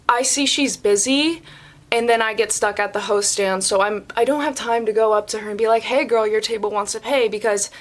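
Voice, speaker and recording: A young woman vlogger telling a story in a casual, animated way and saying "like" often. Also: medium pitch. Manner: chatty and animated, heavy use of "like".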